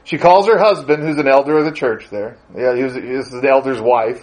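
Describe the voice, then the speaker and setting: A man's voice: fairly high pitch, animated, a little fast, few pauses, a little mellow, low-quality recording. A man preaching a sermon, telling a long anecdote in a conversational way, with fillers and the odd chuckle. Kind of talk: sermon storytelling.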